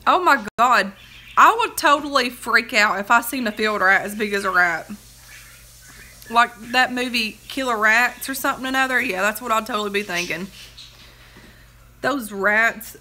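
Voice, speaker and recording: A chatty woman with a drawl rambles through homey stories on a phone livestream. Her voice is bright and a touch high, and she sits curled up on the couch at home. She drifts from one tangent to the next and laughs at her own jokes. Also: moderate pace. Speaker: livestream host. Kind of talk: rambling casual chat.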